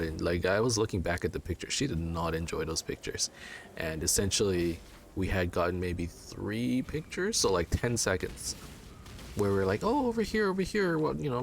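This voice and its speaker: A man's voice: sits low, gravelly, a little hiss or hum. A man in his thirties from China, chatting casually and telling a rambling story with lots of fillers and restarts. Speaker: let's play gamer. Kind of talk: casual chat.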